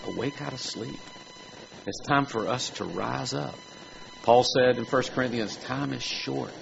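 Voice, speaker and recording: A man's voice: mid-range voice, vocal fry. A man preaching a sermon, asking his congregation questions. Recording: dull lo-fi recording with faint noise.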